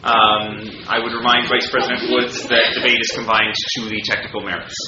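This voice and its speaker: A man's voice: mid-range voice, level tone, brisk. A man chairing a student council meeting, procedural with many fillers and restarts. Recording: roomy, dull, noisy meeting room.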